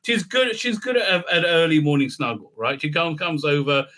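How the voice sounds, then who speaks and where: A man's voice: fairly high pitch, normal speed, bright, forceful tone. A man giving rambling, sarcastic solo commentary, full of fillers and restarts. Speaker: video commentator.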